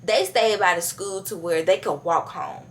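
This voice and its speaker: A woman's voice: on the low side, moderate pace, soft background music. A young woman vlogger telling a casual storytime, chatty and slangy, talking straight to her viewers with many fillers.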